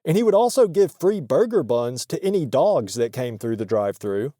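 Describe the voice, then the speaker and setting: A man's voice: mid-range voice, big pitch swings, normal speed, warm tone, no room sound, studio quality. A man telling a work story in a casual, profane and joking way, laughing between lines.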